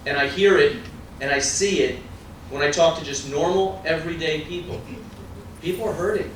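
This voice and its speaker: Heard from a distance in a very echoey room with slight background noise, a candidate with a high-leaning voice speaks at normal speed. His emphatic campaign speech at a party meet-and-greet fires rhetorical questions and asides at the audience.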